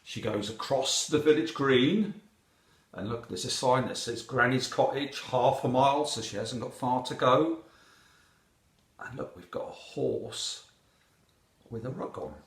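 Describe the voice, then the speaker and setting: Guy reading a kids picture book aloud, slow and bouncy, echoey room. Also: medium pitch. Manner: animated, asks the listener questions. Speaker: storyteller.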